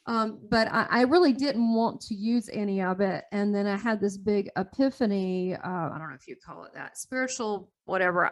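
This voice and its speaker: A middle-aged woman, a guest in an interview, telling her story candidly and rambling through restarts with a laugh now and then. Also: medium pitch. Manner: rambling, restarts often, laughs between thoughts.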